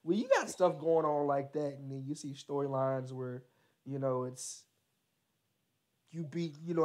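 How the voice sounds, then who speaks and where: A man's voice: fairly high pitch, a little slow, darkish tone. Laughing, rambling man on a podcast. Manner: laughs often, rambling with many fillers. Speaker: podcast co-host. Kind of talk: casual wrestling chat.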